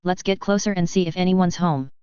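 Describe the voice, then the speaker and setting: A woman's voice: lowish voice, a little fast, a little mellow, clean tone, no room sound, close to an everyday voice. A woman reading as a sardonic, drawling young wizard. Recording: dull, lo-fi, dry.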